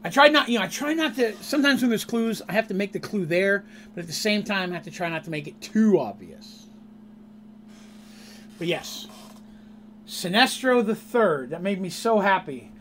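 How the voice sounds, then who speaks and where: A man, the game master, recounting a tabletop session in a casual, rambling, animated way. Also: high-pitched, normal speed, a little hiss or hum. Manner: animated, rambling, laughs at his own story.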